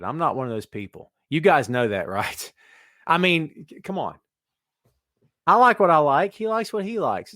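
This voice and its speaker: A man's voice: medium pitch, a bit bright, no echo, studio quality. A middle-aged man hosting a casual wrestling podcast, rambling and joking as he talks to his co-hosts and listeners. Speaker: podcast host.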